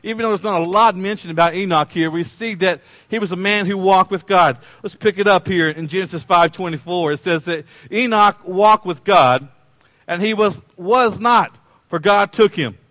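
Male pastor, high-pitched, casual sermon delivery with a dry close sound and playful repetition. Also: normal speed, a bit bright, dry recording. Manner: conversational, playful, repeats phrases.

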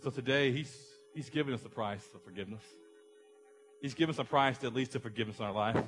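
A man's voice: mid-range voice, fast, fairly bright tone, faint music behind. A middle-aged man preaching a passionate sermon as a pastor, acting out an illustration with someone from the congregation.

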